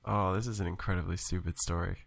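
A young podcast co-host who keeps cutting in with dry, mocking remarks. His voice sits low and has a gravelly edge. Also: fairly even intonation, fast, no echo. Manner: sarcastic, teasing interrupter. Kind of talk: casual podcast chat.

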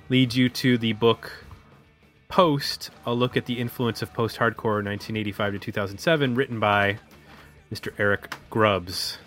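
A man's voice: medium pitch, fairly bright tone. A man co-hosting an album review podcast, chatting casually with some hesitant fillers. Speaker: podcast co-host.

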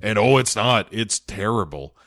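A man co-hosts a casual movie podcast, rambling through reviews with many restarts and fillers. His lowish, slightly bright voice has lively intonation at a moderate pace, in a dry, studio-quality recording.

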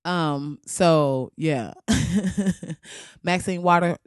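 A woman hosting a podcast in a casual comedic rant, profane and quick to laugh, often slipping into voices of other people. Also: low-pitched, clear, resonant tone, no room sound, studio quality. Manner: laughs often, profane, animated, slips into impressions. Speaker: podcast host.

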